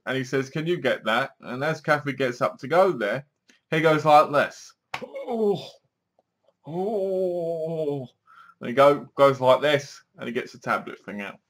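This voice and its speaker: Guy chatting thru a tv episode review, mid pitch, plays out the scenes as he goes. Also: lively intonation, moderate pace, fairly bright tone. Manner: chatty, acts out scenes with sighs and gasps. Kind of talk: casual spoken review.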